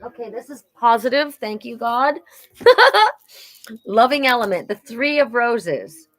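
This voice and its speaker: A woman giving a casual, emotional oracle card reading on a livestream, talking warmly about fairies and her own message. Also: fairly high pitch, expressive, moderate pace, no room sound. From Welsh heritage. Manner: chatty, emotional, spiritual, prone to laughing.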